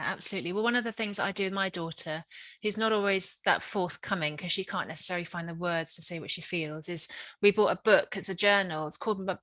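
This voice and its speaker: Bright-voiced woman, gentle. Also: fairly low pitch, dry recording. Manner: gentle, explanatory, laughs easily. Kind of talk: casual conversation.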